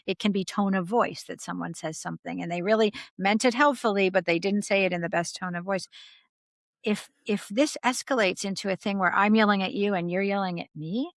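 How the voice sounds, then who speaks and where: A calm, reflective woman talks through workplace advice as a podcast guest. Her voice sits at a middle pitch, and the room sounds dry and close. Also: brisk, dry recording. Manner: calm, reflective, acts out quoted reactions. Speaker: guest leadership consultant. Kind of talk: podcast interview.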